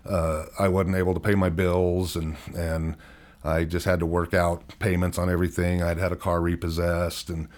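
A middle-aged man speaks in a deep, low register. He is an interview guest telling a hard personal story frankly. He pauses and restarts often and lets out wry chuckles. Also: flat delivery, a little mellow. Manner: frank, halting, chuckles wryly through hard memories.

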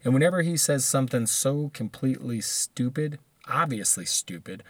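A man's voice: medium pitch, animated, normal speed, fairly bright tone, no echo. A man, ranting casually and profanely in a monologue, laughing often between points.

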